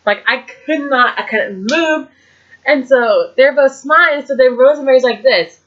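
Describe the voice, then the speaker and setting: A young-sounding woman with a fairly high voice tells a fan story in an excited, rambling way, full of "like" and quoted reactions. The recording is dull and lo-fi. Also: moderate pace. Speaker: vlog host. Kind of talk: casual storytelling.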